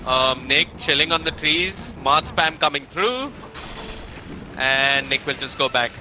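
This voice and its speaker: A man casting a live esports match, excitable play-by-play that climbs during big fights. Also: on the high side, a little slow, background noise. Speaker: esports caster. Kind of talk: live game commentary.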